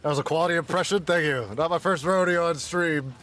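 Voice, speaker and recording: A man's voice: on the high side, fast talker, a bit bright. A young man streaming a survival game, chatting loosely with his viewers, swearing freely and laughing at his own jokes. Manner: loose, profane, jokey, often laughing. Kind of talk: casual live-stream gaming chat.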